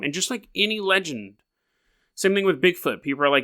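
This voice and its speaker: A young man hosts his podcast in a loose, rambling storytelling style, breaking off for jokey asides. His voice sits a little high and rings bright and forward. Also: fast talker. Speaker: podcast host.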